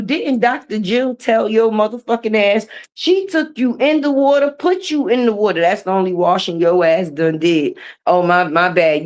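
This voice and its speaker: High-voiced woman ranting on a live stream. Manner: profane, mocking, switches into jeering put-on voices. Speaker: commentary streamer.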